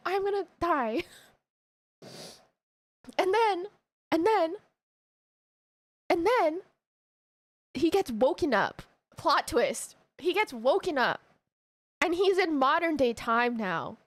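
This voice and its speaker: A woman with a high, bright voice retells a story to her stream audience in a casual, emotional way. She talks with lots of feeling and laughs often. The sound is dry and close. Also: big pitch swings, takes it slowly, pauses often, no room sound.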